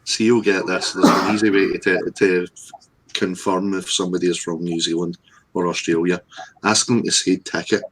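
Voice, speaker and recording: A man's voice: low-pitched, level tone, moderate pace, fairly bright tone, poor audio. A man chatting casually on a podcast, laughing and swearing in banter. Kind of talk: casual chat.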